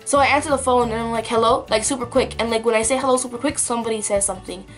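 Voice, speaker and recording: A woman's voice: a little high, fairly even intonation, racing, soft background music. A young woman telling a story to her vlog camera in a chatty, filler-heavy way. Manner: chatty, lots of likes and ums. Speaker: vlogger. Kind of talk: casual story time.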